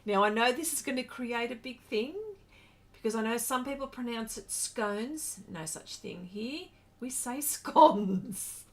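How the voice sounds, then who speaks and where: A woman's voice: a little high, normal speed. An Australian woman hosting a casual art livestream, chatting and answering viewer comments in a rambling, friendly way. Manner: brightens and rises when greeting viewers.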